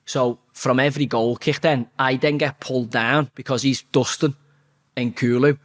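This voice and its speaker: Bloke telling a sweary footy story, blunt, animated, average pitch. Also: male voice, unhurried. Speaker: interview guest, former footballer. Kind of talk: casual storytelling interview.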